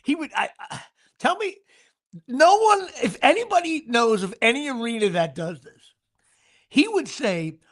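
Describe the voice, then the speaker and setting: High-pitched guy with a gravelly husky voice, animated storyteller on a sports podcast, voice swings all over. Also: a little slow. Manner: animated storyteller, does impressions of an announcer. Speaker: podcast co-host. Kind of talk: casual sports chat.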